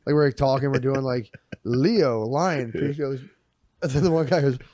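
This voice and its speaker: A man's voice: mid-range voice, moderate pace, mellow, dry recording, clean studio sound. A man co-hosting a comedy podcast, telling stories in casual chat, laughing often and acting out the voices of people he quotes. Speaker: podcast co-host.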